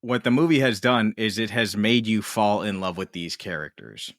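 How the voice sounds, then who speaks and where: A man co-hosting a podcast, chatting casually and animatedly about films. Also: fairly low pitch. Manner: animated, swings into quick put-on voices. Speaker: podcast co-host. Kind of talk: casual film discussion.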